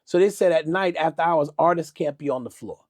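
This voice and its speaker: A man's voice: on the high side, fairly quick, no echo, clean studio sound. A middle-aged man, a music producer guest, telling stories in a casual interview and acting out the quotes with animation.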